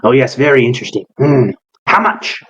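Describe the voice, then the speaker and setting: A man voicing an eccentric older male Pokemon breeder who talks in a fussy, quick, grabby way. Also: mid-range voice, animated, a bit bright, husky, dull audio.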